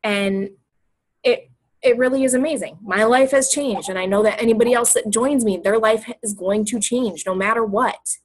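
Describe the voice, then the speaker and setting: A woman's voice: fairly high pitch, moderate pace, poor audio. Emotional rambling woman coach. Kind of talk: casual motivational talk.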